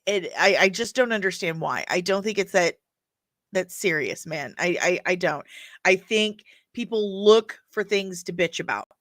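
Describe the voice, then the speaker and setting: A woman's voice: lowish voice, moderate pace, fairly bright tone, no room sound. A woman hosting a casual commentary show, blunt and sarcastic, swearing freely. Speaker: host.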